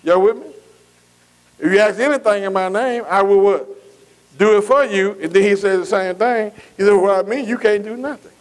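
Preacher guy, high voice, keeps asking am i right. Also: moderate pace, rough recording. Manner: call-and-response preaching, repeats phrases. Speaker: pastor. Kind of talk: sermon.

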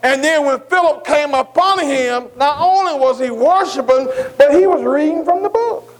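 A man preaching a sermon, reading scripture slowly and drawing out the words, then asking his congregation questions and repeating phrases for emphasis. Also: extremely high pitch. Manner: slow, drawn-out reading of scripture.

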